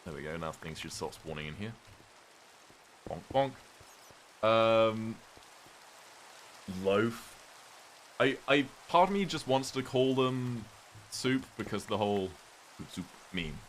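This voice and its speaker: A British man with a notably deep voice, talking casually and meandering as he plays a game. He reads viewer messages out loud and chats back in a relaxed way. Faint rain noise sits under his voice. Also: unhurried, long pauses. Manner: rambling, chatty, reads viewer messages aloud. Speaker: streamer. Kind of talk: casual gameplay chat.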